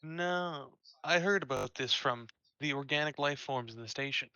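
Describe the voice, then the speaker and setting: Gravelly, sharp-toned man on a dull line. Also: medium pitch, normal speed, no room sound. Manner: fumbles for words. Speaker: player. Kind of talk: casual game chat.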